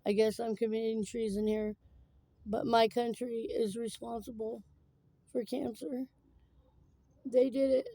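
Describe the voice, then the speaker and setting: A woman talking in a personal vlog, tearful after crying, rambling and halting with many fillers. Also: a little high, little pitch movement, warm tone, dry recording.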